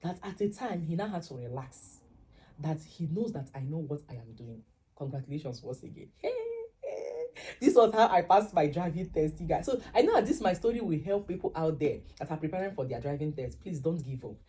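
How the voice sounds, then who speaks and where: A young Nigerian-accented woman tells a story straight to her viewers, slipping into the voices of the people she quotes. Her voice sits low and sounds warm and mellow, never sharp. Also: fairly quick. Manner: animated, acts out dialogue in quoted voices. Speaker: vlogger. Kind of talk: casual storytelling to camera.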